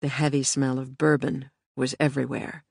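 A narrator reading an audiobook in a steady, measured way. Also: mid-range voice, creaky, slightly rough, dry recording, studio quality.

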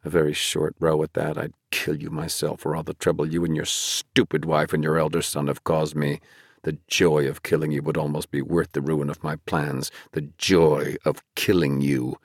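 A man's voice: little pitch movement, moderate pace, vocal fry, no echo, studio quality, exaggerated voice. A man reading an audiobook voices a spiteful, brooding male sorcerer who mutters bitter threats. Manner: low, bitter, muttering menace. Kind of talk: audiobook character voice.

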